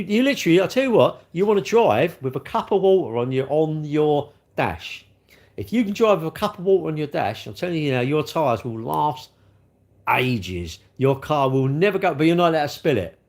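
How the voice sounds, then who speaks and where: Casting note: middle-aged bloke, casual livestream host, rambling and chatty. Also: male voice, on the high side, sing-song, moderate pace, a little mellow. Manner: rambling, chatty, reads out viewer comments.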